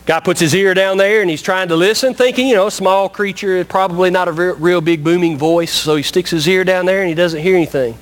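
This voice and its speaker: A man's voice: sits high, fairly quick, hardly any pauses. A man preaching in a church, emphatic and repetitive, speaking straight to his listeners as friends. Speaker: pastor. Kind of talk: sermon.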